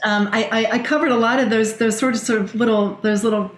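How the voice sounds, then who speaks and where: Woman, middle-aged, animated, storytelling, podcast guest, echoey room. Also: a little high, quick pace. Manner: animated storyteller, quotes others. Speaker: guest, direct selling leader. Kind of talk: conversational podcast interview. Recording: roomy echo.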